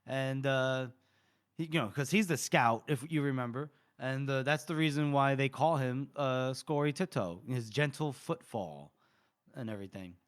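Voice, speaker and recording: A man co-hosting a casual book podcast, retelling scenes with lively quoted lines and frequent laughter. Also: mid-range voice, normal speed, clear, resonant tone. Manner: animated, acts out characters' lines with laughter. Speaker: podcast co-host.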